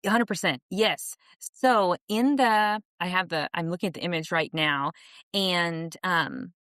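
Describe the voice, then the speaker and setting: A woman's voice: on the low side, a little slow, fairly bright tone, no echo, studio quality. Earnest, reflective woman on a podcast. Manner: earnest and reflective, many restarts, laughs easily. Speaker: podcast guest, author and coach. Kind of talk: casual interview conversation.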